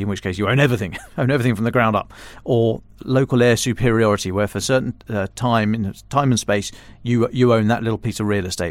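A man with a fairly low voice talks through military questions in an explanatory podcast style. He often restarts his sentences as he thinks aloud. The recording is dry and close. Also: no echo. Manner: explanatory, stops and restarts mid-phrase. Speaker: defence and security editor. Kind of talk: casual podcast analysis.

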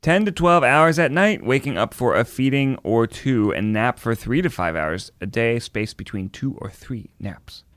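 A man's voice: medium pitch, expressive, moderate pace, few pauses, fairly bright tone, no echo. A man in his thirties co-hosting a parenting podcast, chatting casually and reading baby milestones aloud in a playful way. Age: 30s. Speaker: podcast co-host. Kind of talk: casual chat.

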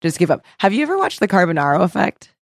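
Animated young woman telling a story. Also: lowish voice, quick pace, gravelly, no echo, clean studio sound. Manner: animated storytelling, acts out quoted people, laughs often, swears. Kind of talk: casual chat.

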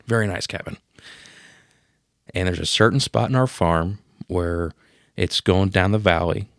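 A man in his thirties telling a personal story on a podcast, emotional and profane, marking each scene change with a sudden boom. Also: creaky, dry recording, studio quality. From Pennsylvania. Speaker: podcast co-host. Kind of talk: casual storytelling.

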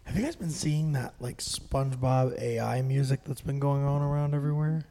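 A man's voice: medium pitch, moderate pace, mellow, a little hiss or hum. A young man co-hosting a casual podcast chat, curious and teasing, asking lots of questions. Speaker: podcast co-host.

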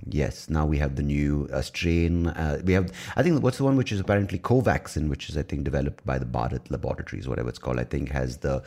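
A man's voice: a bass voice, lively intonation, quick pace, vocal fry, few pauses, darkish tone, breathy edge. A young man hosting a casual solo podcast, rambling and irreverent and swearing often. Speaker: podcast host.

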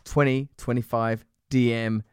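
A man's voice: medium pitch, flat delivery, measured pace, very noisy. A man hosting a podcast, joking and bantering playfully with his co-host and reading listener comments. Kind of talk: casual podcast chat.

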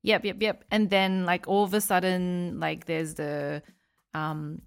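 A young woman co-hosting a casual podcast chat, talking in an animated, chatty way and acting out quotes as she retells a story. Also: fairly low pitch, a little slow, vocal fry, smooth. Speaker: podcast co-host.

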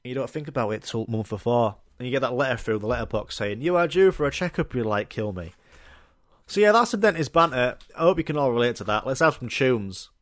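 A man's voice: medium pitch, animated, quick pace, hardly any pauses, a bit bright, dry recording, studio quality. A young man hosting a casual solo podcast, joking bluntly and swearing freely as he rambles. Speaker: podcast host.

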